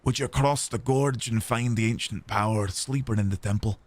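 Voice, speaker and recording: A man's voice: lowish voice, moderate pace, dry recording, pitched below the performer's own voice, natural voice. A man reading game dialogue aloud, voicing a confident, friendly man with a put-on Scottish accent who urges the hero across a gorge. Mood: persuasive.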